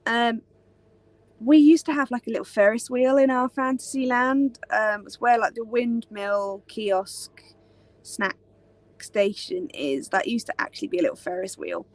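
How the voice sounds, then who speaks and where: A woman's voice: a little high, a little slow. A young British woman chatting casually on a live stream, rambling with many fillers. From Britain. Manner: rambling, many ums and likes. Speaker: live chat host.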